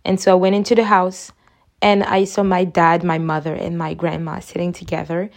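A woman's voice: fairly low pitch, little pitch movement, normal speed. Chatty young woman. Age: young adult. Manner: chatty and reflective, heavy use of "like". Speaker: podcast host. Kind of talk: personal podcast monologue.

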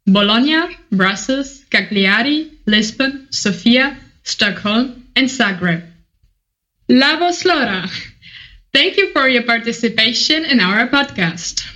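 A woman's voice: a little high, a bit bright, highs cut off. Woman podcast host, formal and scripted. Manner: formal, reads introductions and questions. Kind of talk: interview hosting.

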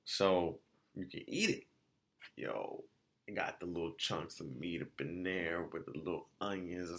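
A man casually reviewing food spots in a vlog, telling it as an animated, slangy story full of restarts and quoted exchanges. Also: lowish voice.

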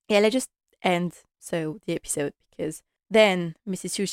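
A woman's voice: lowish voice, gravelly, no room sound, clean studio sound. A woman giving a casual, impassioned and rambling recap of a TV episode.

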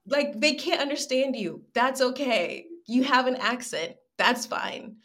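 An American woman in her twenties or thirties chatting candidly in an interview, animated and acting out her own inner voice. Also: fairly high pitch, unhurried. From United States. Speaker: guest. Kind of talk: casual interview chat.

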